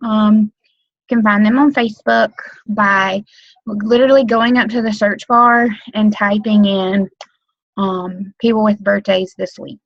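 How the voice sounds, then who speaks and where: A woman's voice: mid-range voice, flat delivery, unhurried, dry recording, dull audio. A woman giving casual training on a webinar, rambling with lots of um, like and you know. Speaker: direct sales consultant training new team members. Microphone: computer mic on a webinar.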